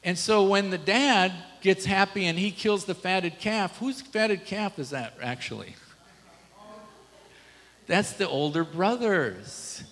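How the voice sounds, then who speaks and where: A man's voice: high voice, a bit bright, in a large hall, rough recording. A male pastor preaching a sermon in a casual, conversational way, often asking the congregation rhetorical questions. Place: church sanctuary.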